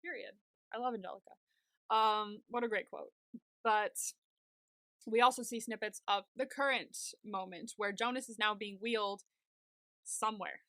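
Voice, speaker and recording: Bright-voiced young woman recapping a show. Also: mid-range voice, moderate pace, long pauses, no echo. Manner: animated retelling with frequent "like" and fillers. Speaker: podcast co-host. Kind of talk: casual TV recap chat.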